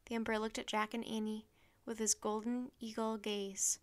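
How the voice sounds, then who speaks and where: A woman reading a children's book aloud with gentle, even narration. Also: on the high side, normal speed. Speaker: storyteller.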